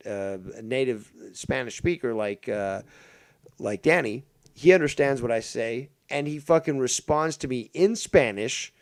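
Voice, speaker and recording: A man hosting a casual podcast, ranting and rambling with heavy swearing. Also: medium pitch. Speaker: podcast host. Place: living in Canada.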